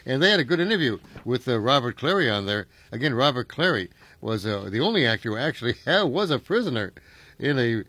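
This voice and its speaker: A man hosting a radio talk show, talking in a relaxed, conversational way with fillers. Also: medium pitch, fairly quick, dry recording. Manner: conversational, uses fillers, chuckles easily. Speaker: radio host.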